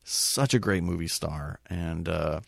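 Guy on a movie podcast, fast excited bursts, swears a lot, dry close mic. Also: low voice, vocal fry, no room sound. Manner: animated, swears freely, quick bursts. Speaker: podcast co-host. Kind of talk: casual movie review chat.

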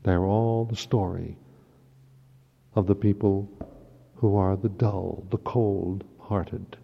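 Impassioned preacher in an echoing church. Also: male voice, sits low, fairly even intonation, takes it slowly, creaky, breathy edge. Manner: impassioned, rising to emphatic peaks. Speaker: priest. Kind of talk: sermon. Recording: dull lo-fi recording in a long-reverb hall.

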